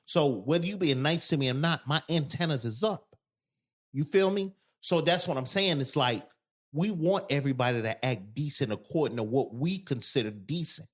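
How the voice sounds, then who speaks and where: Animated man telling stories, higher voice. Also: moderate pace. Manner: animated storytelling, acts out quoted lines loudly. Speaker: podcast co-host. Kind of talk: casual podcast chat.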